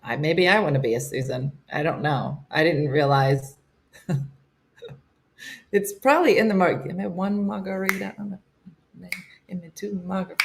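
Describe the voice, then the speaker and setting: A woman's voice: lowish voice, creaky, slight background noise. A woman hosting a comedy morning show, laughing often and teasing as she reads out listener messages. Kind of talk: casual comedic chat.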